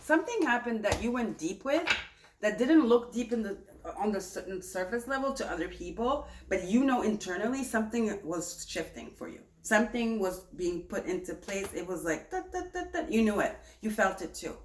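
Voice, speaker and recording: A woman giving a tarot reading in a chatty, animated, self-correcting way. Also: medium pitch, moderate pace, reverberant, a little hiss or hum. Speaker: tarot reader.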